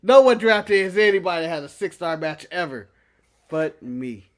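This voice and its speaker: A high-pitched man co-hosting a loose wrestling chat show. He talks in an animated, joking way and laughs a lot. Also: moderate pace. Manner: animated, jokey, breaks into laughter and mock voices. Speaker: podcast co-host. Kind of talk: casual wrestling recap chat.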